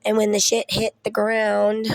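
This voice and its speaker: A sick young mother talking casually, telling a candid story with swearing and quick bursts of speech. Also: mid-range voice, monotone, creaky, no room sound.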